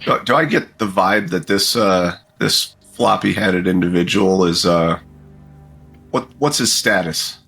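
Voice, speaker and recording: A man's voice: deep voice, unhurried, creaky, bright, forceful tone, breathy edge, faint music behind. A man playing a tabletop game, hesitant and playful at the table. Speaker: player.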